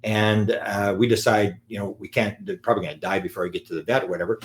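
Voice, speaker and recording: A man telling an anecdote in a live talk, animated and acting out the quotes. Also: on the low side, fast, slight background noise. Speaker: lecturer on UFOs.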